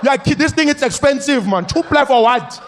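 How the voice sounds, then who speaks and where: A man's voice: extremely high pitch, lively intonation, fairly quick, slight background noise, voice pushed up. A man voicing a furious, penny-pinching uncle who screams and rants. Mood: ranting. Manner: screaming, ranting.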